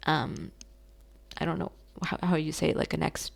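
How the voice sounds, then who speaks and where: A woman giving a channeled tarot reading in a soft, emotional way, often stopping and restarting as she talks to her listeners. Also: low voice, steady tone, vocal fry. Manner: soft, emotional, addresses listeners as beautiful souls; halting, many fillers and restarts. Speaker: psychic reader.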